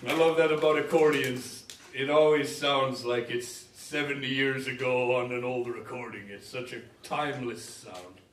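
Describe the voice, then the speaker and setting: A man's voice: mid-range voice, steady tone, normal speed, few pauses, a little hiss or hum. A man from Minnesota chatting between songs at a live concert in a library, rambling and joking with filler hesitations. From Minnesota, USA. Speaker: musician and performer. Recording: roomy hall, mic at a distance.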